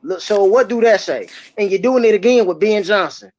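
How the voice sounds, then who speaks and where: A podcast host, ranting about football in loud, mocking trash talk. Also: medium pitch, a little fast, no room sound. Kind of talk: heated sports podcast talk. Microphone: remote streaming mic. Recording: dry, slightly muffled audio.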